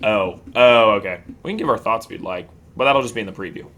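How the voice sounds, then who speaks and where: A man's voice: fairly low pitch, quick pace, bright, forceful tone. A man co-hosting a sports podcast in casual chat, rambling and jokey, often poking fun at himself. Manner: rambling, jokey, self-deprecating. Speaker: podcast co-host.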